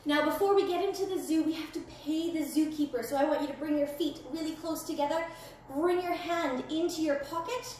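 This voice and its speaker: Woman, high voice, kids' yoga instructor, playful and gentle, very echoey room with faint noise. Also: brisk. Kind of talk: guided children's yoga class.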